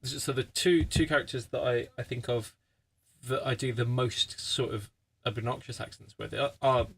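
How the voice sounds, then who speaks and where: A man co-hosting a podcast, talking in a reflective, halting way with many restarts. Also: mid-range voice, steady tone, creaky, a bit bright, slight background noise. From United Kingdom. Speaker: podcast co-host. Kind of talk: casual chat.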